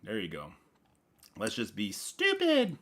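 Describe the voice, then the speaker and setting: A man hosting a casual gaming livestream, rambling playfully with sudden loud bursts and mumbled asides. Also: on the low side, animated, moderate pace.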